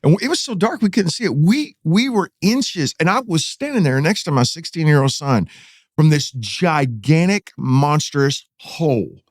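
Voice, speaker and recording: A man's voice: fairly high pitch, normal speed, dry recording, clean studio sound. A middle-aged man with a Texan accent, a pastor telling a dramatic story in a casual podcast interview, his voice climbing as the tale builds. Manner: animated, dramatic retelling with rising excitement.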